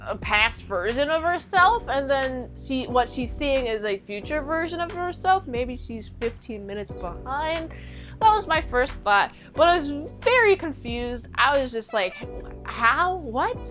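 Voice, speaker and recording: Brief: casual woman reviewer, high voice, rambly and slangy, faint music underneath. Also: expressive, unhurried, fairly bright tone. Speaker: show reviewer. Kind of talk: casual episode recap.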